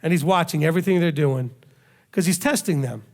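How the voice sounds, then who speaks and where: A man's voice: a little high, fairly quick. A man who leads a congregation, preaching a conversational sermon full of rhetorical questions and emphatic repetition. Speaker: rabbi, congregation leader. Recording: long hall reverb.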